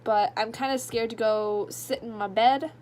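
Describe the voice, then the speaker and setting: A woman's voice: a little high, steady tone, normal speed, a little mellow, a little hiss or hum. A tired young woman casually chatting in a late-night book vlog, rambling with lots of fillers. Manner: rambling, filler-heavy, drowsy. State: tired, yawning. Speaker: book vlogger. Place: at home at night.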